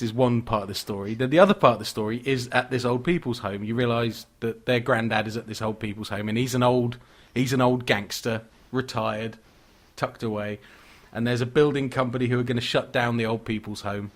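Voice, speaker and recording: A man's voice: mid-range voice, fairly even intonation, fairly quick. Man, podcast co-host, eager rambling chat with laughs. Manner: enthusiastic, laughing, rambling with restarts. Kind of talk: casual horror film chat.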